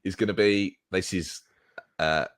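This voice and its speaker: An English man with a deep voice, chatting casually as a podcast guest, rambling with frequent restarts. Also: measured pace, no room sound, clean studio sound. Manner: relaxed, rambling casual chat with many restarts. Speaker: podcast guest and race commentator.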